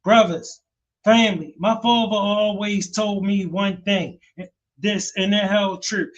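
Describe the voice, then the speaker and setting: High-voiced man preaching to listeners. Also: fairly even intonation, slow pace. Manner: preachy, addresses listeners as "family". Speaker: podcast host. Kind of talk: opinionated commentary.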